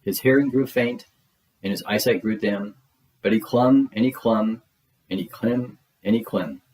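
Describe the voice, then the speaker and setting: A man reading a rhyming children's storybook aloud with a steady, rhythmic delivery. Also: lowish voice, unhurried, poor audio.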